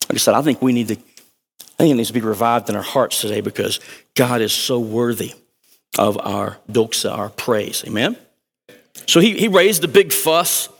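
Male pastor, lively conversational sermon, mid-range voice, long hall reverb. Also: mid-range voice. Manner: energetic, conversational preaching with jokes and asides.

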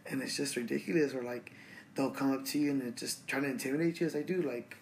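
Young male podcast host, casual slangy rant, mid pitch, faint noise behind. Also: fast, creaky. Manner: relaxed, slangy and ranting, full of fillers. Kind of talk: casual solo podcast monologue.

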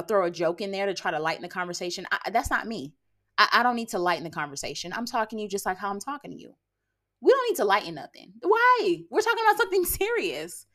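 A woman's voice: lowish voice, a bit bright. Blunt, sassy woman podcaster in her late twenties. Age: late 20s. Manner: blunt, sassy, lectures listeners with rhetorical "okay?"; sarcastic, quick bursts of laughter. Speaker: podcast host. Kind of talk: casual monologue podcast.

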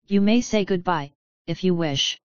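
A woman voicing a calm, gentle older male wizard mentor in an audiobook, in a measured manner. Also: fairly low pitch, no echo, dull audio, natural voice.

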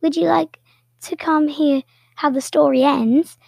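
A woman's voice: high-pitched, steady tone, measured pace, gravelly, a little mellow, no room sound, pitched above the performer's own voice. A bold young boy, as a woman reads him. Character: determined young boy reading boldly.

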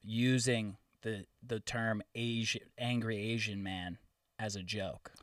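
A young man with a bright, forceful voice, chatting casually on a podcast and telling animated stories full of jokes and swearing. He sounds a little set back from the mic in a dry, dead-sounding space. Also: lowish voice, takes it slowly, dry recording, recorded from a distance. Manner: joking, profane, animated storytelling. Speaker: podcast co-host. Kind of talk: casual chat.

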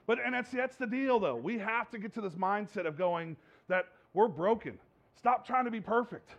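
A man preaching a sermon in church, conversational and animated, repeating phrases for emphasis, recorded on a dull lo-fi recording. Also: high voice, moderate pace, vocal fry. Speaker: pastor.

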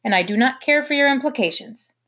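Prim storybook girl, played by a woman, stiff formal wording, voice lifted high. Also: expressive, fairly quick, pushed and bright. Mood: prim, indignant. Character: earnest formal young girl, prim and proper.

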